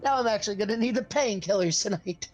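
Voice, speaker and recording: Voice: mid-range voice, quick pace. A co-streamer with a nasal voice, chatting wryly over voice chat and swearing casually. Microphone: voice-chat microphone.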